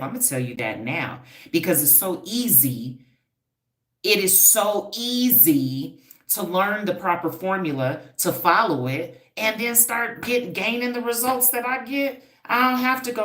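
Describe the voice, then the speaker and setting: A low-pitched woman hosts a casual livestream and talks straight to her viewers. She is emphatic and preachy and drives points home by repeating them. Her voice rings in an echoey room. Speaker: livestream host, hair stylist and wellness coach.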